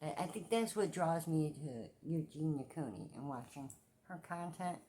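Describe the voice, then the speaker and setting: A woman in her forties ranting in a casual commentary vlog, profane and repetitive, with loud outbursts. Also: deep voice, expressive, moderate pace. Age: 40s. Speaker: commentary vlogger.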